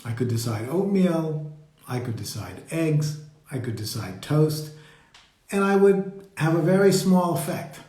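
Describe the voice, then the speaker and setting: A man leading a live meditation talk, speaking slowly and reflectively and greeting viewers as they join. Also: on the high side, sing-song, dark tone. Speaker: meditation teacher. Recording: roomy echo.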